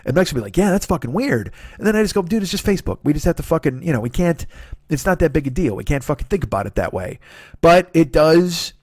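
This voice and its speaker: A man's voice: big pitch swings, fast talker, a little mellow, no echo. Profane, rambling man in a dry booth. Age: 40s. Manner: profane, rambling and self-deprecating; acts out quoted voices with big pitch jumps. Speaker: podcast host. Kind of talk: solo comedy podcast monologue.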